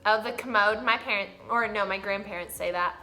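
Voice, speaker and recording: A woman's voice: mid-range voice, brisk, sharp tone, faint music behind. A young woman, chatting casually and giggling as she acts out little quotes. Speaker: vlog co-host. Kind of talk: casual chat.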